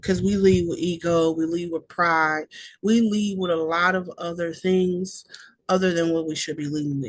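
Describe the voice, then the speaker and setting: A woman's voice: lowish voice, steady tone, moderate pace, no room sound. A young woman with hosting a self-care podcast, speaking in an affirming, repetitive way with playful asides. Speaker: podcast host. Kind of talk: reflective self-care talk.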